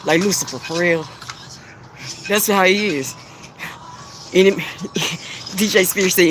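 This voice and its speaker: Slight background noise sits under a high-pitched, somewhat bright male voice that moves unhurriedly with long pauses. Hosting a live stream of spiritual readings, he talks casually to commenters, needles them bluntly, laughs often and repeats himself.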